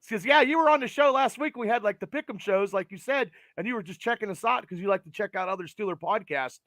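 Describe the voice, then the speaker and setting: A man's voice: high-pitched, fast, a bit bright, no echo. A man hosting a sports podcast, enthusiastic and talkative. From United States. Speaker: podcast host. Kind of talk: casual sports podcast chat.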